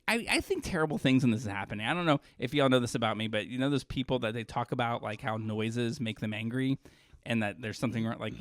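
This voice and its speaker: A man on a podcast telling a story with lots of comic asides, worn out and short on sleep. His voice sits at an ordinary middle pitch, heard close and dry with no room around it. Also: no room sound. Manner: animated storyteller, jokey, acts out voices. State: exhausted. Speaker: podcast co-host. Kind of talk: casual chat.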